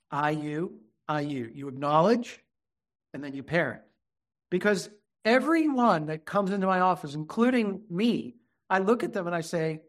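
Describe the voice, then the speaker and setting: A man, a therapist speaking as a guest, explaining earnestly and acting out soft, soothing words to a child. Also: high voice, animated, normal speed. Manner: earnest, acts out soothing dialogue softly. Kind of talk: conversational interview.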